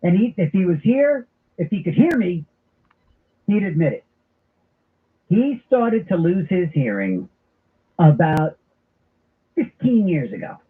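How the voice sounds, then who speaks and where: A middle-aged man hosting a talk radio show, telling stories in an animated, comic way. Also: high-pitched. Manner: animated storyteller with comic impressions. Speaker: radio host. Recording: tinny phone-like broadcast audio.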